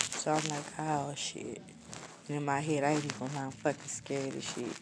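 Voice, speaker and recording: Woman, 20s, deep low voice, blunt, slangy, casual vlog storytelling. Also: flat delivery, fairly quick, background noise. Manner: blunt, slangy and matter-of-fact, little emotion shown. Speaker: storyteller vlogger. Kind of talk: casual story time monologue.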